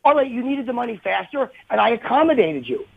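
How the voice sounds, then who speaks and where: A man's voice: extremely high pitch, sing-song, quick pace, gravelly, husky. A middle-aged comedian calling in by phone, arguing heatedly and defensively and talking over the other man. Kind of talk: heated on-air argument. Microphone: phone call-in. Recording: tinny phone line.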